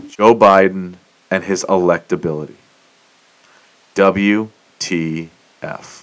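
A man's voice: deep voice, steady tone, takes it slowly, long pauses. A man hosting a solo podcast, ranting in a fired-up, profane way about sports and politics. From United States. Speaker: podcast host. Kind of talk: solo opinion monologue.

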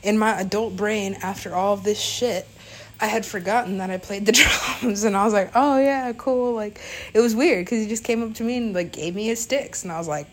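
A woman's voice: medium pitch, moderate pace, rough recording. Rambling, swearing woman DJ. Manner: rambling, lots of fillers and swearing. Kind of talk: casual storytelling monologue.

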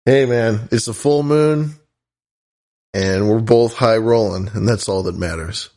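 A man with a low, gravelly voice hosts a podcast in loose, casual chat. He rambles playfully and restarts his sentences often. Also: unhurried, darkish tone. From US West Coast. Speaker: podcast host.

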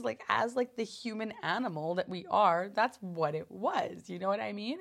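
A woman with a fairly high voice hosts her own podcast, telling a personal story in a casual, animated way. She swears a lot, uses plenty of fillers, and often restarts her sentences.

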